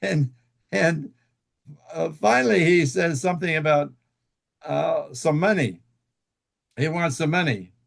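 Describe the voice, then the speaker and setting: A man telling a long personal story as an interview guest, halting, with many fillers and restarts. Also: on the high side, gravelly. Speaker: guest author.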